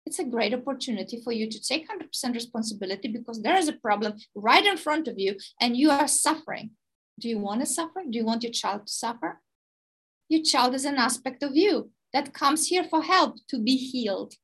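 A high-pitched woman leads a podcast as a spiritual teacher, speaking in a loose, conversational way. She leans hard on key words and stretches them out for emphasis. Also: husky, low-quality recording. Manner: emphatic, expressive, drawn-out stresses.

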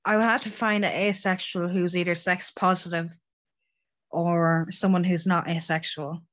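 A woman guest on a podcast, giving brief, unhurried answers. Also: on the low side, flat delivery, fairly bright tone, dull audio. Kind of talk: casual chat.

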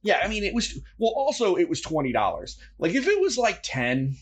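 A man co-hosting a family board game podcast, chatting casually with rambling, animated asides. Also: high voice, a little fast, husky. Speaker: podcast co-host. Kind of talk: casual chat.

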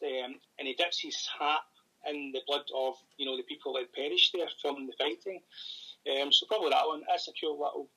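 A Scottish man in casual interview chat, rambling and thinking aloud with many pauses. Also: a little high, bright, forceful tone, husky, rough recording. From Scotland. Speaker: paranormal investigator and author.

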